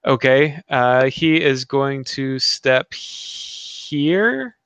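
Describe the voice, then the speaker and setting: A man's voice: mid-range voice, animated, very slow, fairly bright tone, clear, resonant tone, dry recording, muffled recording. A man playing a tabletop game, hesitant and full of ums. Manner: hesitant, many ums and uhs. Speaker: player.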